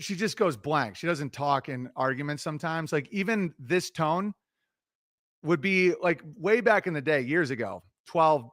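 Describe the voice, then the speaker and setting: A middle-aged man talking loosely on a livestream, giving relationship advice in an animated, profane, self-interrupting ramble. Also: fairly high pitch, no room sound, studio quality. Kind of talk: casual rambling monologue.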